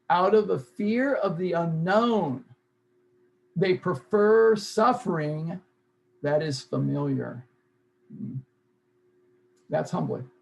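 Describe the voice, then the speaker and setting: Man, seminar leader, self-help talk, earnest, repeats phrases, raised pitch, faint background hiss. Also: creaky, a little mellow, poor audio.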